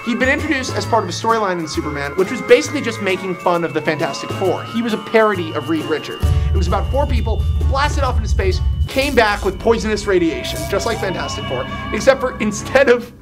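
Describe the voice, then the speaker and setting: A man telling a story for laughs, excitable and profane, often breaking into shouts. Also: high-pitched, quick pace, hardly any pauses. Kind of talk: comedic storytelling. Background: music.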